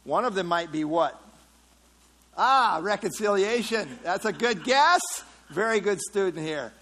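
This man's voice sits high and sounds a bit bright, with lively intonation and a measured pace. As a Bible teacher running an interactive study, he explains a passage casually, quizzes the class, and leans on frequent fillers; the audio is rough.

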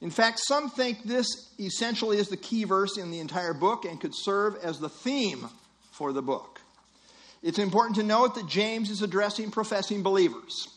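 A man's voice: high-pitched, fairly bright tone. A man preaching a sermon, teaching earnestly and emphatically, acting out imagined listeners' thoughts.

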